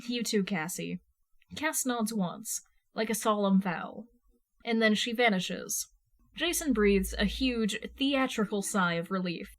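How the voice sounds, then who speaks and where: A woman reading fan fiction aloud in a casual, lively manner, swearing freely. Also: mid-range voice, measured pace. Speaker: podfic reader. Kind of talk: fan fiction audiobook narration.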